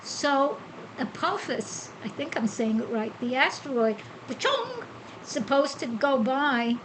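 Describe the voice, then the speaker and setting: Speaking a little slowly in a high voice against a noisy background, a woman hosts a spiritual podcast from Costa Rica. Her talk is casual and chatty, built around questions she asks herself and then answers.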